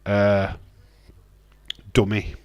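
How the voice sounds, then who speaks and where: A British livestream host speaks extremely slowly in a fairly low, slightly mellow, smooth voice with a completely flat delivery. The audio has no room sound and its highs are cut off. He answers his live chat casually, joking, ranting and laughing.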